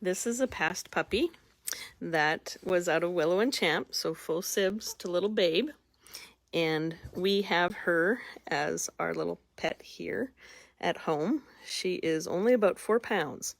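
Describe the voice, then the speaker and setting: A woman breeder talks in a relaxed, folksy way as she shows off young puppies, fond and chatty. Her voice sits a little low for a woman. The sound is dry and close, with no room echo. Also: slow, vocal fry. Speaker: dog breeder showing puppies. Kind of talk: casual chat.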